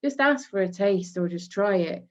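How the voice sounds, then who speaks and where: A woman hosting a casual chat, relaxed and encouraging. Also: mid-range voice, moderate pace, lo-fi sound. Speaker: host.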